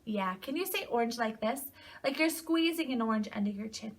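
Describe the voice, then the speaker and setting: A woman's voice: fairly high pitch, animated. A woman teaching preschool, reading a picture book aloud and guiding young children through a lesson in an encouraging voice. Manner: slow, sing-song and encouraging, speaking to young children.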